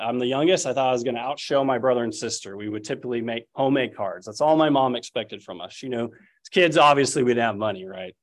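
A man in his thirties preaching a sermon, retelling scripture and family stories, acting out the people he quotes. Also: mid-range voice. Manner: storytelling, quotes figures in raised voices.

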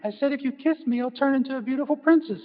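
A tiny female frog pipes up in a high, squeaky, insistent plea, as a man puts on her voice. The sound rings with a long hall echo and is a bit muffled. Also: fast talker. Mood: pleading. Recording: dull sound in a reverberant hall.

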